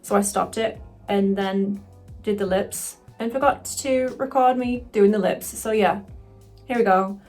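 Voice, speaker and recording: Chatty excitable woman, soft music behind. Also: medium pitch, measured pace. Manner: chatty, excitable, swears casually. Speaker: cosplayer doing a makeup tutorial. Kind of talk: casual tutorial chat.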